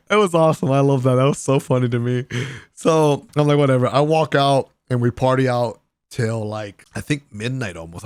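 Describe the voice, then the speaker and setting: A gaming content creator telling a casual vlog story about a party, excitable and profane, often laughing and using slang. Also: male voice, medium pitch, no room sound, studio quality.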